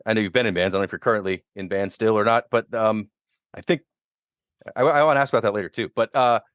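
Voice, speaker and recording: A man's voice: lowish voice, quick pace, dry recording. A man, telling stories as a guest on a casual podcast chat and acting out quotes as he goes. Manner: animated storyteller, acts out quotes. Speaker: guest musician.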